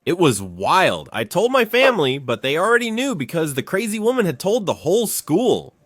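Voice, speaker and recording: A man narrating a funny school story in a lively storytelling manner, slipping into quick voices for the people he quotes. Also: high-pitched, no echo, studio quality.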